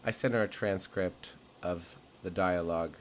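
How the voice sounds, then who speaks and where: A man's voice: sits low, steady tone, moderate pace, a little hiss or hum. A man narrating his own comic story in a wry, rambling, self-deprecating way. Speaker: comedian telling his story.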